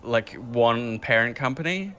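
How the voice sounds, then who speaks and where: A man's voice: mid-range voice, lively intonation, measured pace, over a noisy crowd. A man who plays in a tabletop game, chatting casually during a break and rambling with restarts as he tells a story. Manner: rambling, self-correcting storyteller.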